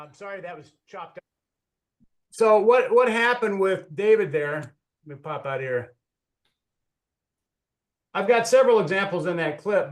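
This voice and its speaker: A man giving a chatty speaking-club lesson on humor over a video call, telling stories with lots of restarts and self-corrections. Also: high voice.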